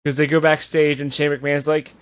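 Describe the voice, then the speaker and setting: A man hosting a casual podcast, recapping events in an animated, sarcastic way. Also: on the high side, a little fast. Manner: animated, sarcastic retelling with put-on voices. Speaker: podcast host. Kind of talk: casual wrestling recap chat.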